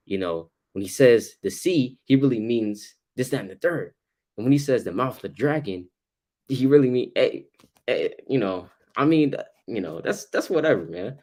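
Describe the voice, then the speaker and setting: A man leading an informal bible study discussion, talking in an animated way and firing off rhetorical questions, often tagging on "right?" and "man". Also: mid-range voice, moderate pace.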